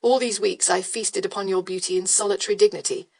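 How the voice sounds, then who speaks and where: A woman voicing a dry, teasing aristocratic gentleman in an audiobook, speaking wryly and with understatement. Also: medium pitch, fairly even intonation, fast, gravelly. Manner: wry, understated. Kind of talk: audiobook character voice.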